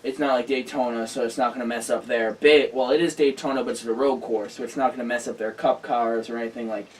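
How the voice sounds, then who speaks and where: A tired man hosting a casual racing news roundup, hurried and rambling, correcting himself as he goes. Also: medium pitch, fairly even intonation, recorded from a distance, a little hiss or hum, rough recording. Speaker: host.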